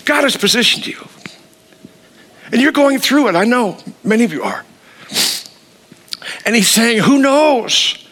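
A man preaching a sermon, animated, acting out the people he quotes. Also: very high-pitched, unhurried, long pauses. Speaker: pastor.

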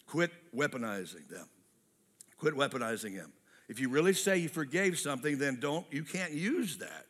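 A man preaching a sermon as a pastor, lively and humorous, acting out quotes in different voices and repeating key phrases. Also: mid-range voice, moderate pace.

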